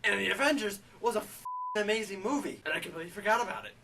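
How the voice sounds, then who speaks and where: A man giving a gushing, excitable comedic movie review in character. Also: sits high, racing, gravelly, far from the mic, slight background noise.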